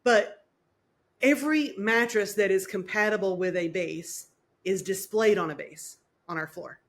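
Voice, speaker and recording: A woman hosting a casual podcast chat, laughing often and chiming in with quick agreement. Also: mid-range voice. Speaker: podcast host.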